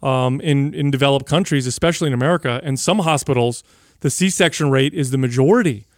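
A man's voice: mid-range voice, brisk, dry recording, clean studio sound. A man co-hosting a fitness podcast, giving opinions in casual chat and explaining them with examples. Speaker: podcast co-host.

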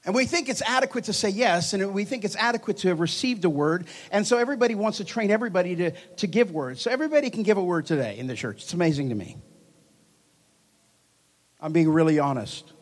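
A man delivering a charismatic sermon in a church hall, slightly higher in pitch than most men. He is animated and playful, teasing his congregation, and swings from quiet asides to loud, emphatic bursts. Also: quick pace. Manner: animated, joking, lively swings in loudness. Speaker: preacher.

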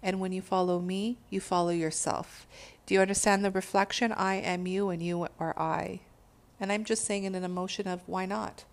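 Addressing her followers in a casual spiritual talk, a woman urges them on, swears freely, and laughs at her own words. Her mid-range voice holds a steady tone at a moderate pace.

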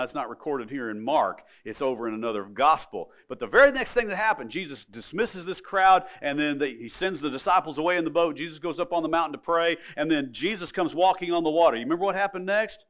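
A middle-aged preacher delivers a sermon in a folksy, storytelling way. His fairly high voice swings widely in pitch as he acts out the lines he quotes. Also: animated, fast, a bit bright. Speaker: pastor.

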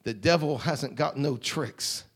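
A man preaching a revival sermon, swinging from hushed, quiet lines to shouted whoops. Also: medium pitch, slow, husky.

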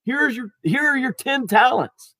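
An eager, overjoyed servant, voiced by a man, high-pitched and gushing. He talks in a breathless rush to please his master, in a dry close sound. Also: expressive, normal speed, bright, forceful tone, no room sound, heavily acted. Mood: excited.

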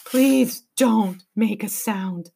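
A woman's voice: a little high, expressive, moderate pace, fairly bright tone. A woman doing a fussy old professor. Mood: hushed. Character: fussy elderly male professor, easily flustered. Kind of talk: read-aloud storybook voice.

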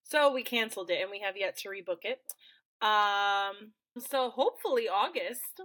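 A woman's voice: medium pitch, expressive, moderate pace, bright, forceful tone, low-quality recording. A woman co-hosting a podcast, chatting casually and laughing often as she talks. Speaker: podcast co-host.

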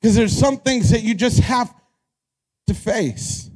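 A young adult man preaching a sermon as pastor, animated, rising to shouts and acting out quoted voices. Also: very high voice, takes it slowly. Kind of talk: energetic sermon.

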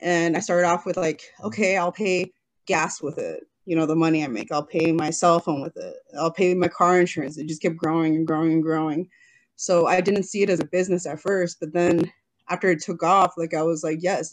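A woman's voice: lowish voice, fairly even intonation, brisk. A woman in her thirties, a business owner being interviewed, talking casually and emotionally, often quoting herself, on a video call. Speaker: guest, jewelry business owner.

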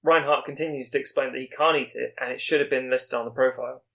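A man at a middle pitch summarizes a story's plot at a quick clip. He stumbles now and then, restarts the phrase, and keeps pushing the recap forward. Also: steady tone, gravelly, a bit bright.

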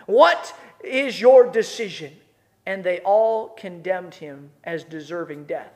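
A man preaching a sermon, acting out the scene with emphatic rises and sudden soft drops. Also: very high voice. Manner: dramatic retelling with voiced characters, emphatic rises. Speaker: pastor.

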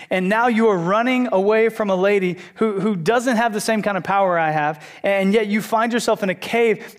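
A man voicing God as he repeatedly questions a runaway prophet, insistent and urgent. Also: high voice.

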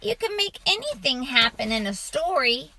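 A woman's voice: sing-song, moderate pace, a little hiss or hum, heavily acted. A woman voicing an eager little boy at bedtime, insistent and bargaining, in a storybook reading. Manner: high, bright, insistent.

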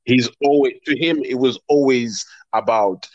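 A man's voice: mid-range voice, measured pace, darkish tone, no room sound. Emphatic slangy man, dull sound. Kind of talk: casual chat.

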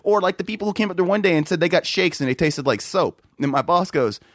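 A man's voice: sits high, animated, fast talker, fairly bright tone, no room sound, studio quality. A man co-hosting a podcast, telling exasperated, profane stories about rude customers in casual chat. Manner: profane, exasperated storytelling with laughs. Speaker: podcast co-host.

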